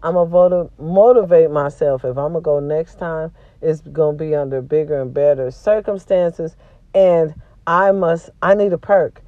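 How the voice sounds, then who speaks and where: A woman's voice: low-pitched, fairly even intonation, unhurried, dry recording, phone-quality sound. A woman hosting a casual vlog, venting to her viewers in a blunt, profane way, with a sore throat from a cold. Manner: blunt and profane, swings between loud and quiet. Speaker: vlog host.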